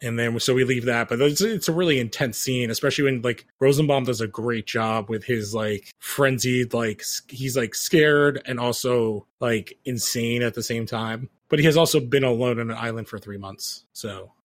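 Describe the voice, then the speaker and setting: A man's voice: mid-range voice, normal speed, hardly any pauses. A man co-hosting a podcast, casually retelling TV episodes in long rambling runs full of fillers. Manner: rambling recap full of "like" fillers, acting out quotes. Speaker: podcast co-host recapping a TV show. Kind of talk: casual chat.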